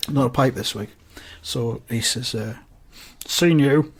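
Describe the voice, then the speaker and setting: Husky man telling a yarn. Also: mid-range voice, fairly even intonation, normal speed, fairly bright tone. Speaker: comedy podcast co-host. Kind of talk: deadpan comic storytelling.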